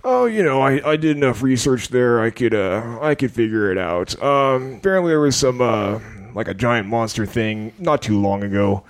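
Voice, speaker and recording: A man's voice: mid-range voice, lively intonation, moderate pace, hardly any pauses, natural voice. A man playing a defensive middle-aged bunker owner. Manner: defensive, rambling with filler words. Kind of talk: comedic improvised interview sketch.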